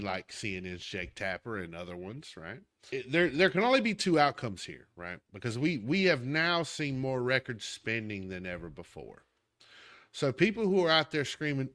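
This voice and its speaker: Speaking in a Southern accent, a man hosting a podcast directs a forceful, heated political commentary rant at the listener. His mid-range voice sounds pushed and bright.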